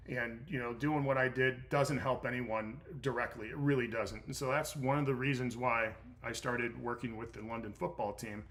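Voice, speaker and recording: A middle-aged man talks loosely through viewer questions on a livestream. His voice is bright and a little tense, his speech blunt and salted with profanity. He rambles, restarts and leans on fillers as he goes. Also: mid-range voice. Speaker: strength coach answering viewer questions. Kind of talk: casual livestream Q&A.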